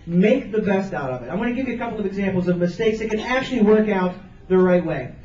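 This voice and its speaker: A man's voice: high-pitched, lively intonation, fast talker, a little mellow. A man giving an earnest, emphatic motivational speech to students, repeating phrases for stress. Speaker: motivational speaker. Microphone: camcorder from the audience. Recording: roomy, distant, dull camcorder sound.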